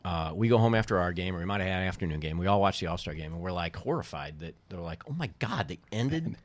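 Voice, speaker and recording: A man's voice: low-pitched, very fast. A middle-aged man telling stories in a casual podcast chat, laughing often and acting out the people he quotes. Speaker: podcast guest, former baseball team co-owner.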